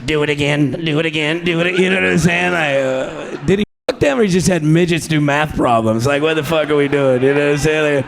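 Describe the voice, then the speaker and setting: A man's voice: a little high, fairly quick, gravelly, few pauses, a crowd in the background. A man doing an improvised stand-up set on a comedy club stage, crude and rowdy, laughing through his jokes into a handheld mic. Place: comedy club stage before a live audience.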